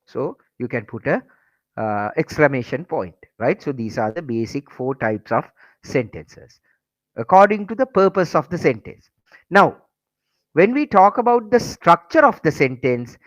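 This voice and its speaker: A Sri man leads an online English lesson, his voice fairly high and swinging widely up and down. He repeats his points as he teaches. The sound is dry and dull, like a computer mic in a class call. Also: no room sound. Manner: mixes Sinhala and English, repeats key phrases.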